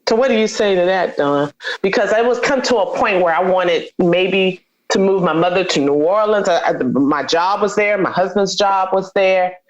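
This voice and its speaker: A woman's voice: mid-range voice, normal speed, hardly any pauses, highs cut off. A woman guest in an interview, telling a personal story with feeling and acting out the dialogue she quotes. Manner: heartfelt, acts out quoted dialogue.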